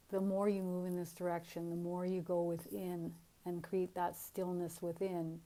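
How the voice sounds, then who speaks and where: A woman giving a spiritual teaching talk, speaking in a calm, earnest and encouraging way. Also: on the low side.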